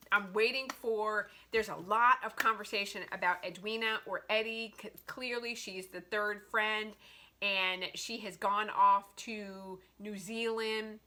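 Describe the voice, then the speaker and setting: A woman chatting animatedly about a romance novel in a casual book review vlog, with lots of "like" between her thoughts. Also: mid-range voice. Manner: chatty and animated, heavy use of "like".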